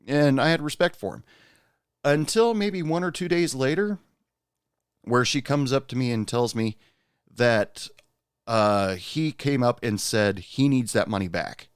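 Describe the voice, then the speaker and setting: A man with a lowish, smooth voice talks casually into a close mic, recounting a story as a podcast host. He meanders with frequent pauses and fillers. The sound is dry and close. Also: no echo. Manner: rambling, many "uh" pauses, animated when quoting.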